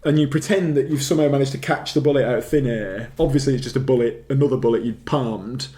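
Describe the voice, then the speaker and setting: A man's voice: medium pitch, quick pace, mellow. A man in casual podcast chat, rambling through a film recap and laughing often. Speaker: podcast co-host.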